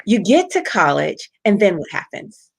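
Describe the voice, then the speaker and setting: A woman's voice: medium pitch, sing-song, moderate pace, vocal fry, breathy edge, dry recording. Encouraging woman host, dry sound. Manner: affirming, encouraging. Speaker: host, life coach. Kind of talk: interview.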